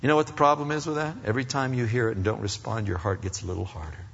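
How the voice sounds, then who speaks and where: A man preaching a sermon with emphatic swings between loud rising appeals and hushed earnest passages. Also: mid-range voice, fairly even intonation, very fast, gravelly, breathy edge. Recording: dull recording in a reverberant hall.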